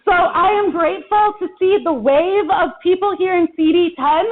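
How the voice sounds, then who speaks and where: An impassioned woman organizer speaks to a town hall crowd in a very high voice, folksy and rousing. The sound is thin and tinny, like it came through a phone line. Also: normal speed. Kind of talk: rally speech. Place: town hall meeting room.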